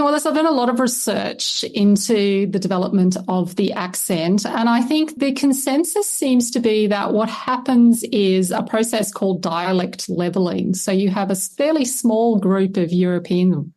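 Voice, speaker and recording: A woman's voice: mid-range voice, darkish tone. An Australian woman, a historian and lexicographer, explaining her research thoughtfully in a conversational interview, with many fillers.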